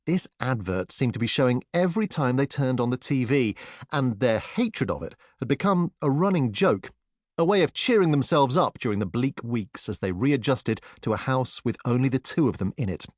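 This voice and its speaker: A man narrates a children's audiobook from a script, telling the story expressively. His mid-range voice moves at normal speed in a clean studio recording with no room sound.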